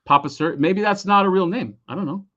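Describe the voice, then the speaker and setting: A man in casual podcast chat who gets excitable, swears often and stumbles over his words. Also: high voice, fairly quick, lo-fi sound. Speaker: podcast guest, toy creator.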